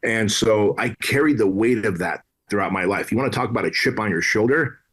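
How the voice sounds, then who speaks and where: A man's voice: on the low side, fairly quick, fairly bright tone, breathy edge. A man from Armenia in his late thirties or older, a podcast guest telling a personal story in a blunt, casual way, with slang and swearing. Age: 30s. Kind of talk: candid conversational storytelling.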